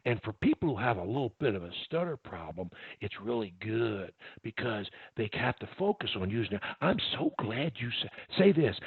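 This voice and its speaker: A man's voice: medium pitch, husky, dry recording. A man coaching one-on-one over a video call, encouraging and repeating his key points. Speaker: speech coach. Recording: tinny, dry phone-like line.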